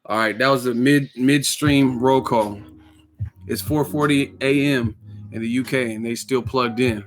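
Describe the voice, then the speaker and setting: A man hosting a boxing live stream, hyped and slangy, rattling off quick shout-outs in casual chat. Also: mid-range voice, steady tone. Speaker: boxing channel host.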